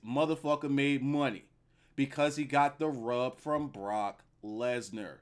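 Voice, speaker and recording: A man's voice: mid-range voice, steady tone, a little slow, smooth. A man giving a casual, profane, rambling solo review of a wrestling show at his computer.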